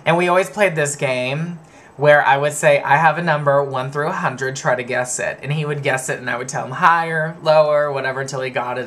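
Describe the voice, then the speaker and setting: A man's voice: mid-range voice, creaky, fairly bright tone. Candid rambling man telling stories. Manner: candid, rambling, laughs at himself. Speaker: vlogger. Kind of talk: personal storytelling to camera.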